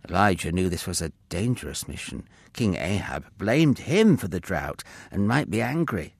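A man narrating a children's Bible story with expressive storytelling. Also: sits low, normal speed, gravelly, breathy edge, dry recording.

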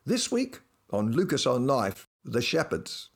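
Male host, devotional talk, playful storyteller, very expressive pitch. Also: unhurried, vocal fry, breathy edge. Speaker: host and Christian speaker.

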